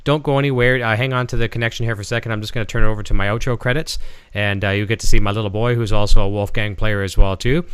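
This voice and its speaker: Canadian guy hosting a live stream, talks fast, clear close voice. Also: fairly low pitch, fairly even intonation, a bit bright, dry recording. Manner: friendly, rambling sign-off. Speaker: show host. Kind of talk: casual livestream chat.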